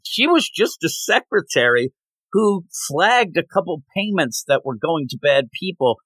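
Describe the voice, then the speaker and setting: A man's voice: on the high side, very animated, unhurried, a bit bright, husky, no echo. A man hosting a comic book podcast, chatting casually and acting out characters' lines in silly voices. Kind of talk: casual chat.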